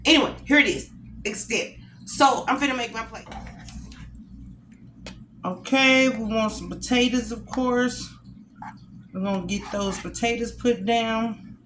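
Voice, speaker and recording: A woman chatting casually with her viewers from home as a cooking vlogger, addressing them directly and warmly as a group. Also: fairly high pitch, a little slow, long pauses, roomy sound, a little hiss or hum, rough recording. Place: at home while eating a meal.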